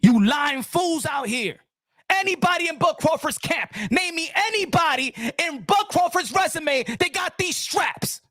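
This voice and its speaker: Heated, high-voiced man ranting about boxing. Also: expressive, measured pace, no echo, studio quality. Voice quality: loud, heated, emphatic. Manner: repeats lines for emphasis, profane street slang. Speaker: boxing channel host. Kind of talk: live-stream boxing rant.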